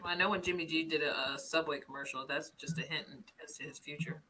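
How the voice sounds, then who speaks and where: A woman co-hosting a live stream in casual chat, animated and excitable, quick to laugh. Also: low-pitched, noisy background. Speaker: co-host of a live draft stream.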